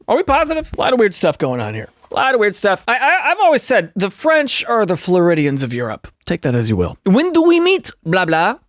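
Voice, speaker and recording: A man doing comedic commentary as a host, reading online posts aloud in a sarcastic, animated way. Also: fairly quick, hardly any pauses, no room sound, clean studio sound. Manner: animated, sarcastic, jumps between high and low voices.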